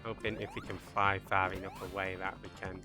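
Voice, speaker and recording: A man's voice: deep voice, little pitch movement, fairly quick. Mancunian man chatting over game music. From Manchester, England. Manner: rambling, jokey banter with chat, self-mocking. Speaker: game streamer. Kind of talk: casual live-stream chat while playing.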